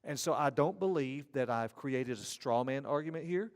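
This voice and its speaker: A man's voice: mid-range voice, lively intonation, normal speed. Folksy Georgia-accented man in echoing hall. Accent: Southern US (Georgia). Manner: folksy, joking asides. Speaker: conference speaker, ethics teacher. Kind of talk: conference lecture. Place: large church auditorium. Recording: reverberant hall.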